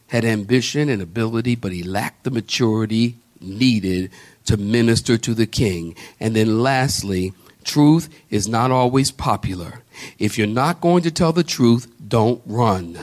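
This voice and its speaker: A man's voice: medium pitch, a little mellow. A male pastor preaching a sermon, building emphasis through repetition and calling on the congregation to respond.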